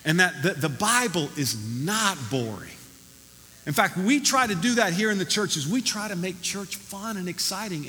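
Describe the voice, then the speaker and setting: A man's voice: high-pitched, sharp tone. Emphatic preaching man in a reverberant hall. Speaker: pastor. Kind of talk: sermon. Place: church hall.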